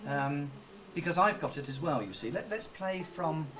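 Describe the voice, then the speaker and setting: A man's voice: on the high side, lively intonation, normal speed, noisy background. A man teaching a violin student from the piano, patiently explaining phrasing and checking that he is understood. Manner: sings rhythms to demonstrate, patient, asks if understood. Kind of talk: music lesson coaching. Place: rehearsal room with piano. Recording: distant mic with piano in the room.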